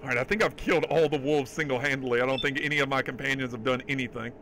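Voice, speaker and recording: Talking very fast in a mid-range voice, a male gamer streams live with casual, excitable commentary, swearing a lot. He reads out messages from chat and thanks donors, all over game music and heavy background noise.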